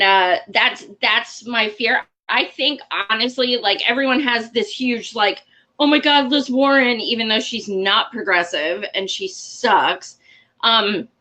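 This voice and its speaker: Bright-voiced, slow-talking woman host. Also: medium pitch. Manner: blunt, profane, excitable. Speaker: political commentary show host. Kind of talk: casual political commentary.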